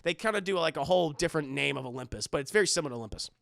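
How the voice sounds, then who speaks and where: A young adult man reviewing a film for a live stream chat, animated and rambling, swearing often. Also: fairly high pitch, very fast, creaky, no room sound, studio quality.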